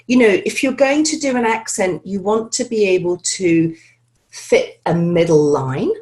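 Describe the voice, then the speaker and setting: A woman's voice: mid-range voice, measured pace, darkish tone. A woman speaking as an accent coach in an interview, chatting loosely with many "you know" fillers, over a video call. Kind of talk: conversational interview answers.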